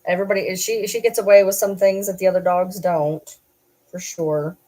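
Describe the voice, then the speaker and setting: A woman's voice: medium pitch, fairly even intonation, moderate pace, mellow, rough recording. A young woman vlogger chatting casually on a livestream, talking to viewers and baby-talking to her dogs.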